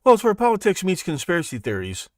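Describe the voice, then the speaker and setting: A man's voice: high-pitched, wildly swooping pitch, quick pace, dry recording, studio quality. A man hosting his own show, talking in a rambling, sarcastic way and laughing at his own jokes. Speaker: podcast host. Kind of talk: casual monologue.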